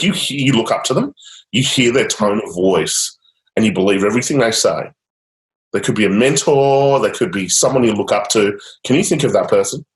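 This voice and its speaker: A man guiding a client through a coaching session, upbeat and encouraging, with casual fillers. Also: fairly low pitch. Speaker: change coach. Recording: roomy echo.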